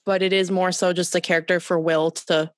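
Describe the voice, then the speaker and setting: Casting: woman co-host, mid pitch, chatty recapper, dry close sound. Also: little pitch movement, brisk, dry recording. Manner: chatty, laughs often, self-correcting. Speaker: podcast co-host. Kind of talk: casual chat recapping episodes.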